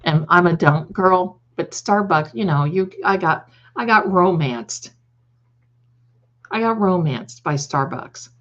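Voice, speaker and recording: A woman's voice: on the low side, slow pace, fairly bright tone. A woman psychic hosting a live stream and reading viewer comments aloud. She speaks affectionately, calls viewers "my darling," and repeats words and restarts sentences as she goes. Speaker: psychic livestream host. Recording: slightly dull lo-fi stream audio.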